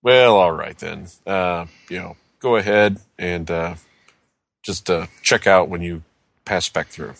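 A man's voice: sits low, unhurried, creaky, a bit bright, no room sound, exaggerated voice. A man voicing a courteous uniformed police officer in a tabletop game. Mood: polite.

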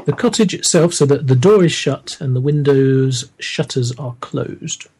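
Husky man running a horror game. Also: mid-range voice, unhurried, warm tone. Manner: hesitant, many fillers, descriptive. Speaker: game master. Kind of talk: narrating a tabletop horror game.

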